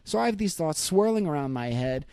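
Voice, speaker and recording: A man's voice: on the high side, animated, fairly quick, a little mellow, clean tone, no echo. A man hosting his own podcast, telling a candid personal story in a conversational, reflective way with light laughs. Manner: conversational, acts out his own thoughts in quoted voices. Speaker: podcast host.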